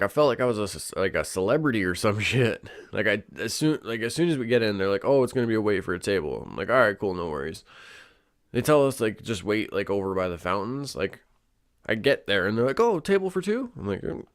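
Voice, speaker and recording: A man's voice: fairly low pitch, expressive, brisk. A young man hosting a casual solo show, rambling with lots of fillers and swearing. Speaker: podcast host.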